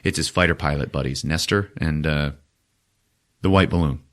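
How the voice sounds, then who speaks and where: A man hosting a podcast, giving a profane, animated comic retelling of a movie. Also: rumbling low, moderate pace. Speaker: podcast host.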